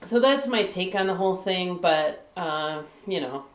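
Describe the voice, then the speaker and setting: Chatty woman guest, lower voice, echoey room. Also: animated, a little slow. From Michigan. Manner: candid, laughs often, lots of "like" and "you know". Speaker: guest author. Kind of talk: casual live-stream chat.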